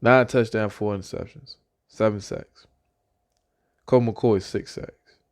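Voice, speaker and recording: A young man excitedly giving a casual football prediction as a fan, repeating himself and speaking loosely. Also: lowish voice, slow pace. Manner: excited, repetitive, talks like a fan. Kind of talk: casual sports prediction vlog.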